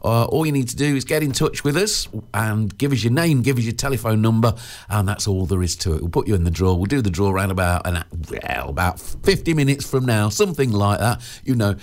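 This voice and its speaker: A man's voice: on the low side, animated, fairly quick. A man presenting a local radio show in casual, rambling chat, full of 'uh' fillers and restarts, joking and laughing at his own asides. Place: radio studio.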